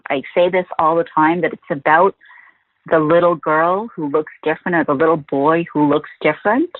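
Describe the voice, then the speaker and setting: A woman's voice: low-pitched, dry recording. Woman telling stories over a tinny phone line. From Quebec. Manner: animated storyteller, acts out quoted voices. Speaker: interview guest, journalist. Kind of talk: podcast interview by phone.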